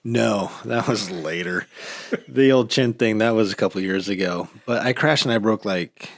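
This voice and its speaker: A man with a fairly low voice tells a story in a relaxed, casual way. He acts out what people said as he goes. The sound is close and dry, with little room behind it. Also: unhurried, creaky, no echo. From United States. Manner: animated storytelling, acts out quotes. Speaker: podcast host. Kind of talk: casual chat.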